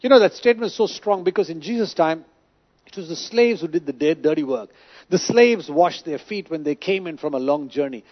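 Male pastor, high voice with swinging pitch, emphatic sermon delivery, dull lo-fi recording. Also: animated, a little fast. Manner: emphatic, preaching with rhetorical questions.

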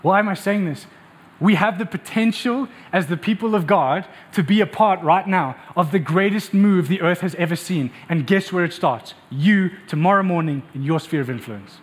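A man's voice: sits high, moderate pace. A young man from South Africa preaching a sermon, telling stories animatedly and acting out quotes. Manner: animated storytelling with acted quotes.

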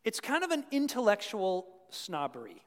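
Preaching in a conversational, folksy style, a pastor born in Canada puts questions to his listeners. His voice sits high with huge pitch swings at a moderate pace, ringing with a big hall's long reverb.

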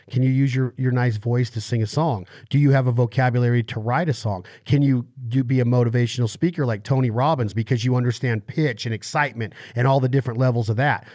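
A man hosting a casual podcast interview, explaining at length in animated bursts. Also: medium pitch, no room sound. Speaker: podcast host.

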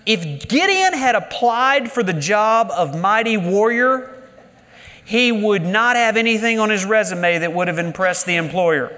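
A pastor preaching a sermon in a high voice with lively, swooping pitch. He presses his points with emphatic rhetorical questions. His voice rings with the long reverb of a large hall.

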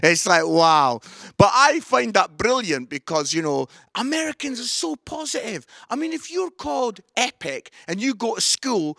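Middle-aged Scottish man, comic preacher, high and lively, loud outbursts. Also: moderate pace, vocal fry, dry recording, clean studio sound. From Scotland. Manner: animated, breaks into loud exclaiming. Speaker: comedian and preacher. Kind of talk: comic sermon with storytelling. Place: at home.

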